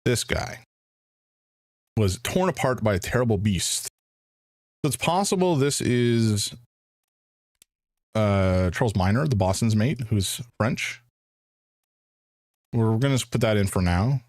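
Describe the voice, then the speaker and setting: A man's voice: on the low side, animated, slow pace, pauses often, a little mellow, dry recording, clean studio sound. A man streaming a first playthrough of a detective game, thinking aloud in a hesitant way with frequent restarts. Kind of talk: casual live game commentary.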